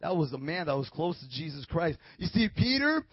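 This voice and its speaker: High-voiced man preaching dramatically. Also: very animated, a little fast, husky, dry recording, dull audio. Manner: dramatic, swings from loud acted quotes to hushed tones, asks the audience. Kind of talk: sermon.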